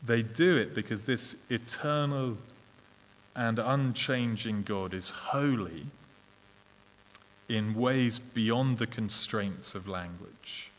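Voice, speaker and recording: A man with an English accent preaching a sermon, earnest and measured, with small fillers and restarts. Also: fairly low pitch. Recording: long reverb of a large hall.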